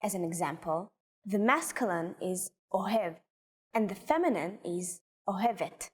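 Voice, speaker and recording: A woman teacher calmly demonstrating example sentences in a lesson, speaking carefully. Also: mid-range voice, big-room sound. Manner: calm, careful, slow example phrasing. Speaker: language teacher.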